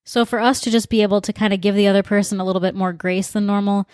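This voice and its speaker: A woman's voice: medium pitch, fairly even intonation, fast talker, darkish tone, clean tone, no echo, clean studio sound. A woman co-hosting a relationship podcast, speaking in a caring, conversational way. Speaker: podcast co-host. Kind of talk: casual advice talk.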